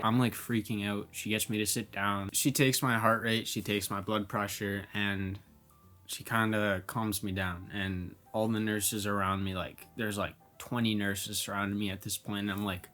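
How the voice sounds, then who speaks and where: A young man telling a personal story to camera. He talks in a casual, animated way, often says "like", and acts out his own reactions. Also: fairly low pitch, moderate pace, soft background music. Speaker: vlogger telling personal stories.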